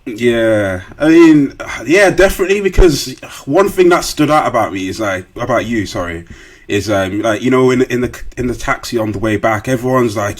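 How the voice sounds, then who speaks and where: Relaxed man hosting a podcast. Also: medium pitch, normal speed. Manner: relaxed, full of fillers and slang, hesitant restarts. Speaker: podcast host. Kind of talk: casual interview chat.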